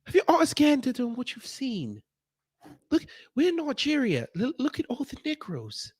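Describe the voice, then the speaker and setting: A man's voice: extremely high pitch, huge pitch swings, normal speed, darkish tone, husky, no room sound, voice pushed up, exaggerated voice. A man voicing a gawking tourist, exaggerated and gasping in astonishment.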